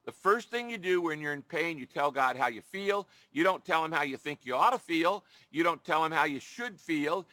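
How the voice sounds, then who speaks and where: A man delivers an earnest sermon, stressing his points by repeating them and voicing pleading prayers aloud. His tone is bright and forceful, sitting a little high for a man. The sound is close and dry, with no room echo. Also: lively intonation, moderate pace, few pauses. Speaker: preacher.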